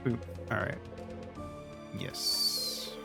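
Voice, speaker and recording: A man streaming a game playthrough, reading the on-screen text aloud between short casual remarks, with game music behind. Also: very slow.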